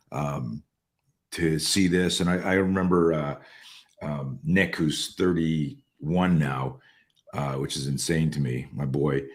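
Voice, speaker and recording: A man in his sixties, a podcast guest telling stories in a casual, profane way, restarting his sentences often. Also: extremely low pitch. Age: 60s. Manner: profane, animated storyteller with many restarts. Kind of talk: casual storytelling.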